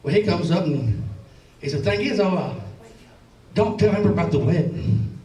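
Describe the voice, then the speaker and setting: A Southern man tells stand-up stories in a club, his voice pitched high and swinging all over. He stammers, swears and chuckles through his lines. The sound is roomy and a bit distant from the mic. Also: animated, normal speed, mellow. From Alabama and Tennessee. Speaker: stand-up comedian. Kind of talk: stand-up set. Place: comedy club stage.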